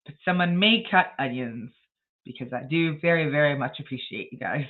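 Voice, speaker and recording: A woman's voice: deep voice, normal speed, phone-quality sound. Blunt, rambling woman streamer. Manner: blunt, rambling, laughs often. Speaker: livestream host. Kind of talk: casual livestream chat.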